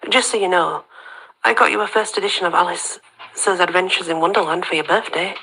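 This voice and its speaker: Woman reading fretful young woman friend, apologetic, storybook, low voice, husky. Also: steady tone, brisk, bright, forceful tone, full character voice, poor audio.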